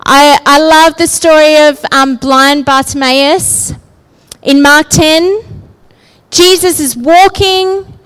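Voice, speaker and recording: A woman's voice: sits high, steady tone, slow pace, a bit bright, rough recording. A woman giving a sermon in a conversational way, often asking her listeners "right?" and "yeah?". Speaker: preacher.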